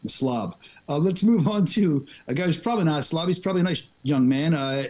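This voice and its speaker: A man's voice: fairly high pitch, lively intonation, quick pace, darkish tone. A man hosting a casual podcast, telling stories in a joking, self-mocking way. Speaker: podcast host.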